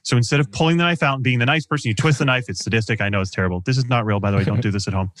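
A man's voice: medium pitch, rapid-fire, a bit bright. A man coaching on sales in a podcast interview, talking animatedly and acting out customer dialogue.

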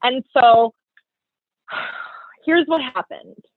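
A woman co-hosting a casual podcast, telling dating stories in a chatty, animated way with lots of "like". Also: high voice, drawn-out words, slightly rough, no echo. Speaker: podcast co-host. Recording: tinny phone-like sound, dry.

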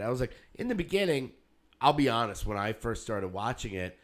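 A man co-hosting a casual podcast chat, rambling and laughing often, acting out quotes in lively bursts. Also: medium pitch, a little fast. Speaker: podcast co-host.

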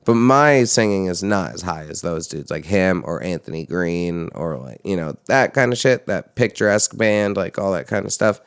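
A young man with a low, gravelly yet smooth voice, talking loosely and animatedly about music and swearing casually. The sound is dry and close with no room echo. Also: normal speed, hardly any pauses. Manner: animated, swears casually, pitch jumps when quoting himself. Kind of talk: casual chat.

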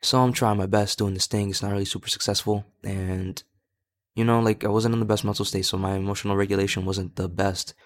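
Deep-voiced young man telling a personal story. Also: flat delivery, fairly quick. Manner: candid, rambling, heavy swearing. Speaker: podcast host.

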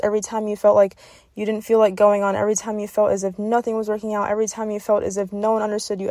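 On her motivational podcast, a young woman with a medium-pitched, slightly mellow voice offers encouragement and keeps checking in with "okay?" Emotion is creeping into her voice, and the clean studio sound has no echo.

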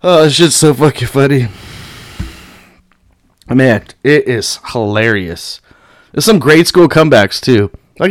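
A man hosting his own podcast, ranting at his critics with constant swearing and mocking laughter, high on weed. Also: expressive, unhurried, long pauses, no room sound. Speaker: podcast host. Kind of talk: profane solo podcast rant.

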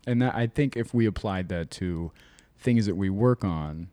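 A man's voice: deep voice, moderate pace, dark tone, no room sound. A man in his thirties co-hosting a podcast in casual chat, loose and swearing, acting out quoted lines. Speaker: podcast co-host.

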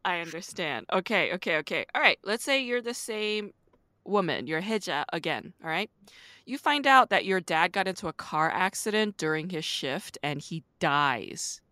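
A woman hosts a casual podcast, laying out playful hypothetical scenarios for her guest. Her voice is bright and forward. The sound is close and dry. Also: lowish voice, lively intonation, moderate pace, no echo. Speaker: podcast host.

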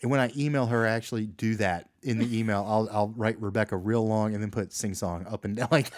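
A man's voice: on the low side, steady tone, brisk, dry recording, studio quality. A man co-hosting a casual movie podcast, chatty and enthusiastic, laughing often. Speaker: podcast co-host.

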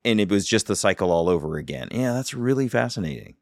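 A man's voice: fairly low pitch, expressive, fast talker, darkish tone, no room sound, clean studio sound. A man hosting a podcast, who reflects on and sums up his guest's story before asking questions. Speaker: podcast host. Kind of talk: interviewer summarizing and asking.

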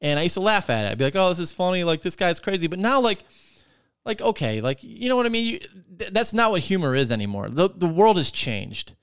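In a high, smooth voice, a man hosting a podcast rants briskly in casual chat, rambling, swearing heavily and using lots of fillers. The recording is dry, clean studio sound.

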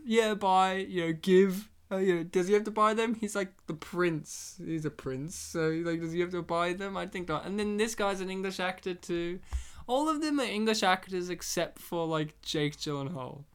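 Man, casual movie commentary co-host, smooth clear voice, wry jokes. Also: high voice, normal speed. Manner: joking, sarcastic, laughs often.

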